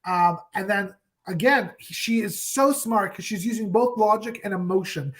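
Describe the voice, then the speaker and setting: A man co-hosting a casual podcast, recapping scenes in an animated way. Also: high voice, normal speed. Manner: animated, acts out quoted lines. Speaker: co-host.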